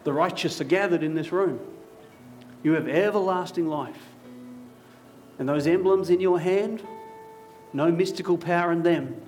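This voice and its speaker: A male pastor preaching a sermon in a church, telling a story vividly with dramatic pauses. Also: a little high, darkish tone, faint music behind. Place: church hall.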